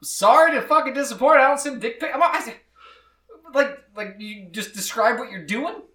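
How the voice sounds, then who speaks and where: A man's voice: very high voice, moderate pace, bright, forceful tone, reverberant, distant mic. A man chatting crudely and joking on a podcast, laughing often. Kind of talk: crude casual chat.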